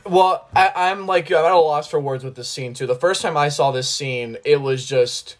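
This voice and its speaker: A man's voice: a little high, normal speed. A man hosting a podcast, chatting about a film in an enthusiastic, rambling way with many restarts. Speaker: podcast host. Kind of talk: casual film discussion.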